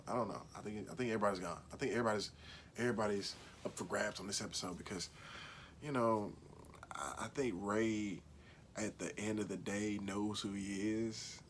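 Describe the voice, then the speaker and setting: Chill dude recapping a show, lowish voice, keeps saying man and y'all, faint room hum. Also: fast talker. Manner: laid-back, says "man" and "y'all" constantly; asks viewers questions directly. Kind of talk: casual solo video commentary.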